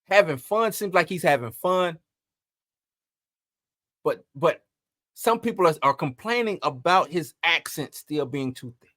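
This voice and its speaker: Animated man with a bright, high voice. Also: measured pace, pauses often, dry recording, studio quality. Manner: animated, emphatic, rhetorical questions. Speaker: host. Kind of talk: entertainment news commentary.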